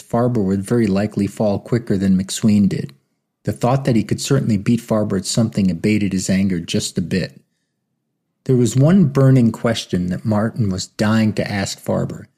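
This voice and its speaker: A man reading an audiobook as narrator, with steady, even storytelling. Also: lowish voice, husky. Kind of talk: scripted narration.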